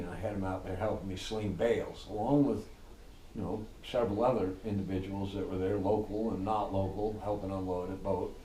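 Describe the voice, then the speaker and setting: Lively middle-aged man spinning a tale. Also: lowish voice. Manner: animated, laughing, swearing, acts out quotes. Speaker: storyteller. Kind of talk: casual storytelling. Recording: echoey room with faint noise.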